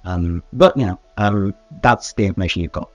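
A man's voice: deep voice, brisk, dry recording, lo-fi sound. A man narrating a tabletop game as game master, hesitant and full of restarts. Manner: hesitant, many fillers and restarts.

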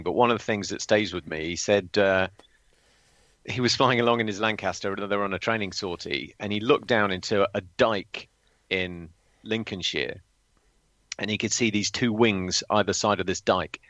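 Low-voiced man, dry dull recording. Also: no room sound. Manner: animated storyteller, restarts words. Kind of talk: casual storytelling chat.

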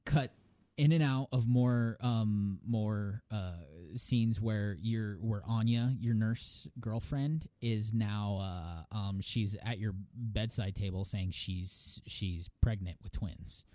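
A man co-hosting a casual podcast retells a story with lots of energy, laughing frequently. His voice is lowish and he takes it slowly, with no room sound.

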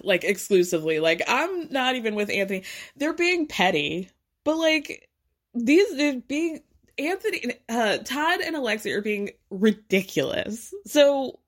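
A young woman recaps reality TV in a chatty, sarcastic way. Her pitch swings widely as she talks, rising and dropping from line to line. She sits at a middle pitch. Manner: animated, gossipy, sarcastic.

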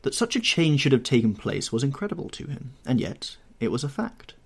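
A man reading a classic novel aloud as an audiobook narrator, in an expressive, measured storytelling manner. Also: medium pitch, vocal fry, slightly rough. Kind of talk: scripted narration.

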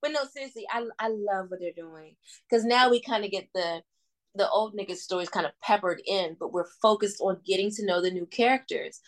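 A woman's voice: mid-range voice, a little fast. A woman co-hosting a podcast in casual chat, talking with enthusiasm and casual swearing. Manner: enthusiastic, chatty, profane. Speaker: podcast co-host.

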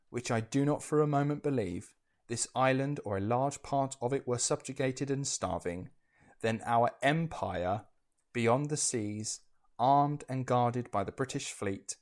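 A man doing an impression of an elderly male wartime statesman, delivering a defiant speech in slow, grave oratory. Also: medium pitch, natural voice.

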